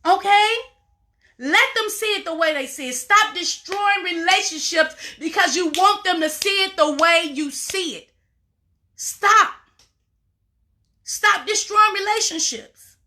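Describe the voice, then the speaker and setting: High bright-voiced woman coach, preachy and repeats herself a lot. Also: measured pace. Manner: preachy, repetitive, emphatic. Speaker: life coach. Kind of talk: motivational talk to camera.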